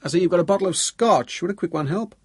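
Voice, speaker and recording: A man voicing a brisk, sympathetic male army friend who talks in a breezy, inquisitive way. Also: high voice, darkish tone, slightly rough, dry recording, pitched above the performer's own voice.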